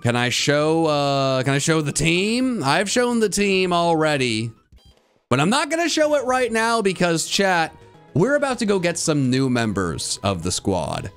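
A man streaming a video game live, chatting with his viewers and breaking into loud, frustrated outbursts. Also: on the high side, sing-song, a little slow, clear, resonant tone, faint music behind. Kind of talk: live gameplay commentary.

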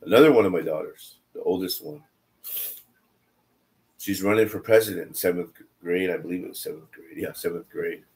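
A middle-aged man telling family stories while teaching a Bible study, animated and repeating phrases for emphasis. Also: low voice, fairly quick, long pauses. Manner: animated, repeats phrases for emphasis, jumps between quiet asides and loud quoted lines. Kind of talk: casual storytelling in a Bible study.

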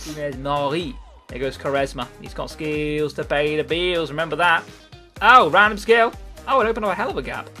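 Young guy narrating his own match live; sweary, jumps from mumbles to shouts, faint game music underneath. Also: fairly high pitch, normal speed. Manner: excitable, swears freely, swings between mumbling and shouting. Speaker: gaming YouTuber. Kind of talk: live gameplay commentary.

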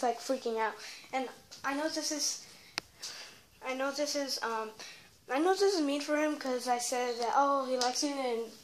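A teenage girl vlogging a prank on a handheld device, rambling and restarting her sentences. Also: sits high. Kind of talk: casual prank vlog. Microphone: phone or tablet held in hand. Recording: echoey room with background noise.

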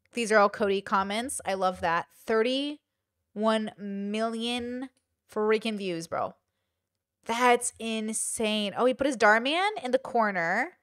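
A woman hosting her channel, chatting casually as she reacts to videos and reads out view counts with excited exclamations. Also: a little high.

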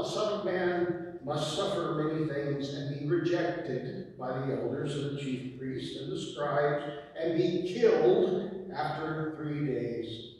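A man preaching a sermon as pastor, asking the listeners pointed rhetorical questions. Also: a little high. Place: church sanctuary. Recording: echoey sanctuary from far off.

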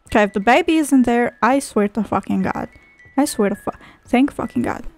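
A woman's voice: a little high, lively intonation, moderate pace, darkish tone, faint music behind. A woman streaming a horror game, swearing and mock-scolding, with a sing-song manner when she reads a storybook aloud. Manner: foul-mouthed, mock-angry, sarcastic. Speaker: gameplay streamer. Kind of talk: profane gameplay commentary.

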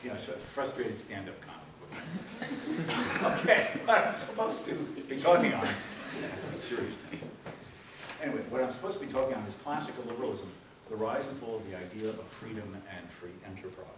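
A man giving a public lecture, telling jokes in an animated storytelling way before the serious talk. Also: fairly low pitch, fairly quick. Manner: animated storyteller, voices the joke characters. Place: lecture hall with audience. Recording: echoey hall, distant mic, room noise.

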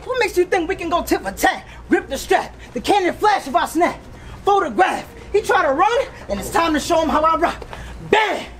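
Brash high-voiced battle rapper from Florida. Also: male voice, expressive, normal speed. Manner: brash, taunting, punchy delivery with shouted bursts. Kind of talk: battle rap performance. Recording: noisy live event with crowd ambience.

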